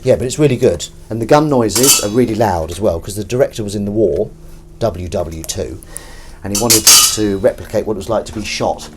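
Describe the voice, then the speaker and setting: Washing up at home, this vlogger rambles casually about film trivia and makes asides to someone in the room, while dishes and cutlery clink in the kitchen. His voice is on the low side and fairly quick, with heavy background noise.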